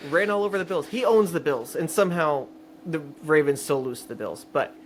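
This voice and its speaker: A man co-hosting a sports podcast, talking excitedly as a fan in casual chat. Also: on the high side, brisk, slight background noise. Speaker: podcast co-host.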